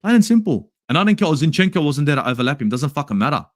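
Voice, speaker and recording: Australian man, fan channel host, angry sweary rant, voice on the high side that leaps up into shouts and drops to grumbles. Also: sing-song, fast, no echo, clean studio sound. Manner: angry, sweary, swings from shouting to low mutters. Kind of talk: ranting match review, reading live chat.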